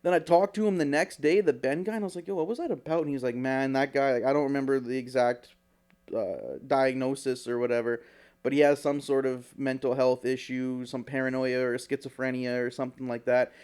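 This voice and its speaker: In a medium-pitched, clean-sounding voice, a man co-hosting a podcast briskly tells a story in casual chat, animated throughout, cursing freely and acting out what people said.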